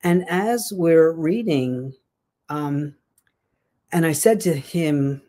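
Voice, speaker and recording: A woman telling a personal story in a casual, chatty way, animated and full of fillers and restarts. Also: deep voice, extremely slow. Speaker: guest sharing a success story.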